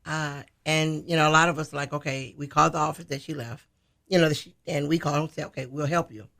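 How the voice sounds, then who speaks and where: A man's voice: fairly high pitch, steady tone, fast talker, vocal fry, pushed and bright. A man from Detroit, co-hosting a radio talk show, telling a story in casual chat and laughing often.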